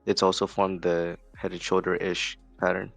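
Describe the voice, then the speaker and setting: Deep, gravelly man chatting slowly. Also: level tone, no echo, soft background music. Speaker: co-host on a trading stream. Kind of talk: casual chat.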